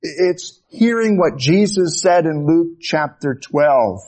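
A male preacher delivering a sermon at an unhurried, measured pace. His voice sits a bit higher than most men's. He swells into fervent emphasis, then drops to near-hushed tones. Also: expressive.

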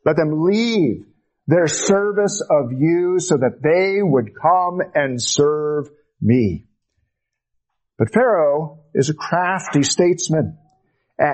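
A man preaching a sermon, slow and emphatic, dropping low and quiet on the key words.

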